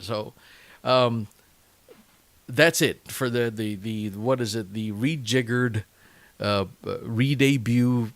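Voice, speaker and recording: A man's voice: on the low side, gravelly, no echo. A man hosting his own podcast, rambling through a casual sign-off with lots of fillers and self-mocking asides, his voice worn out after a long session. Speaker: podcast host.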